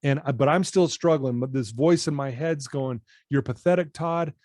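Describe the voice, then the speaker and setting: A man in his fifties, a personal-development coach, telling a personal story to a podcast host in an earnest, animated way. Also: medium pitch, normal speed, dry recording, clean studio sound.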